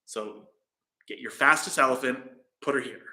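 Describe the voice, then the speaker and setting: A man voicing a clever, calm court physician in a dharma talk, casual, matter-of-fact and persuasive. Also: medium pitch, normal speed. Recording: roomy echo.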